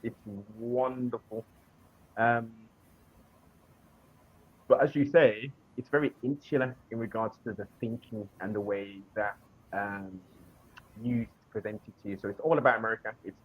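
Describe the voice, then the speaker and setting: A man with a Birmingham accent talks as a guest in a casual chat. His voice is low and husky, and his delivery is measured and emphatic. The line sounds dull and lo-fi. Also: fairly even intonation. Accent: Birmingham English. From England. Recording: dull lo-fi call audio.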